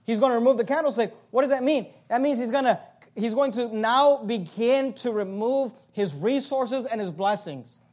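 A pastor preaching a sermon in a church auditorium, emphatic and repetitive, rising loud and dropping quiet. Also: male voice, extremely high pitch, normal speed.

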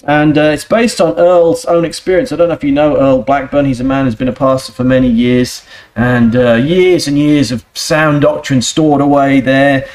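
A man's voice: mid-range voice, steady tone, normal speed, darkish tone. A man preaching a sermon with earnest emphasis and rhetorical questions, speaking.

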